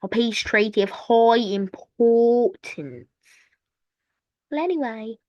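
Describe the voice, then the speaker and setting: A woman's voice: on the high side, slow, dry recording. A woman giving casual, rambling commentary on a strategy game, with playful asides and sound effects, on a dull lo-fi recording.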